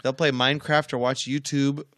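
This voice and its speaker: A man's voice: mid-range voice, level tone, normal speed, fairly bright tone, no room sound, clean studio sound. A middle-aged man co-hosting a podcast, telling a story in casual banter, firm and swearing freely. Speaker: podcast co-host.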